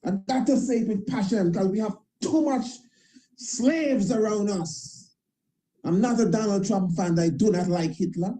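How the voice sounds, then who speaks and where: A man's voice: high-pitched, a little fast, hardly any pauses, warm tone, rough recording. A man speaking as a priest in an impassioned monologue, emphatic and repetitive, with informal grammar and frequent tag questions. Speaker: priest and internet show host. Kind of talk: impassioned talk-show monologue.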